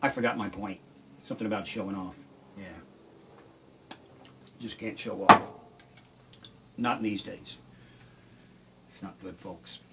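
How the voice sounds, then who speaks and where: Rambling deadpan male comic, live stream. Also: lowish voice, unhurried, pauses often, very noisy. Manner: rambling, deadpan storytelling with sudden shouted outbursts. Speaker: comedian and musician. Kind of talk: live-streamed stand-up storytelling. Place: home shed.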